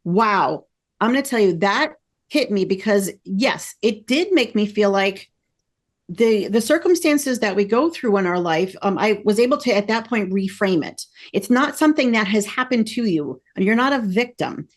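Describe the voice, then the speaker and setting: A woman hosting a podcast interview, chatting in an excited, effusive and rambling way. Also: mid-range voice, normal speed. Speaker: podcast host. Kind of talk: casual interview chat.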